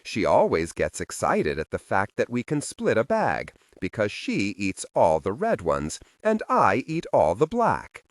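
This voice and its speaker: Cast: a man as a sardonic male demon, low Southern drawl, pointed and deadpan. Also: a little slow, few pauses, no echo, studio quality. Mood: wry.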